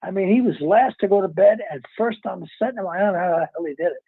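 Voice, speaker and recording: A man's voice: high-pitched, quick pace, vocal fry, husky. An older man from New York City telling stories in a casual interview, rambling and chuckling as he searches for names. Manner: rambling, chuckling, loses names mid-story. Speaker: actor being interviewed. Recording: tinny phone-like call audio.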